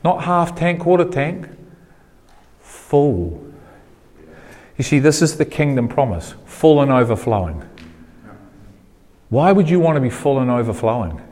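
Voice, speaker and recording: A man preaching a sermon to a congregation, asking questions and repeating phrases, getting louder and higher when he gets going. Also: unhurried, long pauses, long reverb tail. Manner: animated preaching, rising in pitch when fired up.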